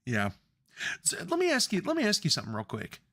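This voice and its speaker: Bright-voiced man in casual chat. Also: high-pitched, huge pitch swings, moderate pace. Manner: rambling, swears freely when worked up. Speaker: podcast co-host.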